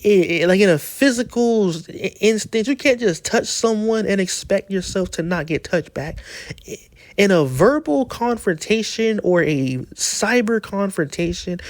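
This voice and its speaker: A man's voice: sits high, dry recording. A man ranting as a YouTuber in a heated, profane way, often restarting his sentences. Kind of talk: ranting commentary.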